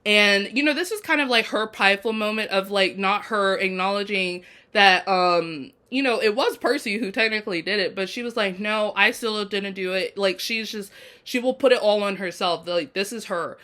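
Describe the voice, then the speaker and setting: A woman's voice: mid-range voice, normal speed, bright, forceful tone. A woman giving a casual video review of a TV episode, chatty and effusive with lots of fillers. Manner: chatty, effusive, frequent fillers like "um" and "you know". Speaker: TV show reviewer.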